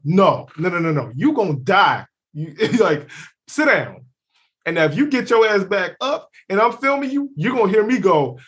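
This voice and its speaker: An animated man co-hosting a podcast, cursing freely and dropping into voices to act out what other people said. His voice sits a little high for a man. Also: normal speed. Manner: animated, profane, acts out quotes in funny voices. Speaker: podcast co-host. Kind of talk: casual chat.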